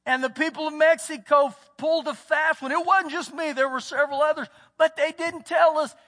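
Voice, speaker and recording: High-voiced Texan pastor preaching. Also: male voice, fairly even intonation, a little fast, pushed and bright. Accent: Texas. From United States. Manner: folksy storytelling, acts out quotes. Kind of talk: sermon. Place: church sanctuary. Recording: church hall with long reverb.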